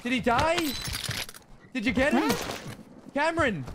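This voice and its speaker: Hyped guy streaming a shooter, high lively voice, yelling at teammates, game noise behind. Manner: loud rapid team callouts, shouting. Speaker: gaming streamer. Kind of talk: excited gameplay commentary. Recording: gameplay noise under voice. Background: game sounds and clicks.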